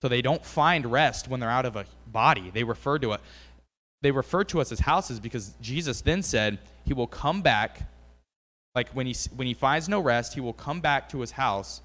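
A man's voice: medium pitch, expressive, normal speed, a bit bright, long reverb tail. A man giving a casual, rambling testimony about faith and preaching, full of fillers and restarts. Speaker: lay preacher.

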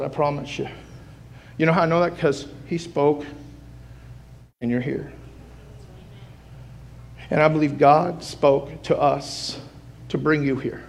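A man preaching a sermon as pastor, moving from soft pleading to loud shouting and repeating phrases for emphasis. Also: on the high side, gravelly, slight background noise. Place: church sanctuary.

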